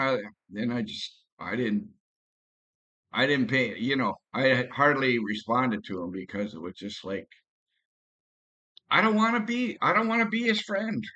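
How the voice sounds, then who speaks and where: A man talking to camera in a rambling, halting personal monologue, often restarting his sentences. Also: medium pitch, bright, forceful tone, muffled recording. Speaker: vlogger.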